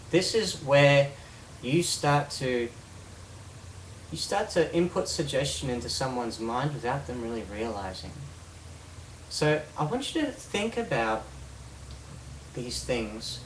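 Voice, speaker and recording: A man's voice: mid-range voice, distant mic, slight background noise. Explaining man in an echoey room. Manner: explanatory, repeats phrases, rhetorical questions. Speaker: hypnosis instructor. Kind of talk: instructional video.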